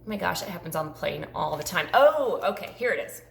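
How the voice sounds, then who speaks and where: A woman's voice: on the low side, animated, fast, creaky, a bit bright, reverberant, slight background noise. A woman in her forties chatting casually through a tag video, rambling with frequent ums. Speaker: YouTuber.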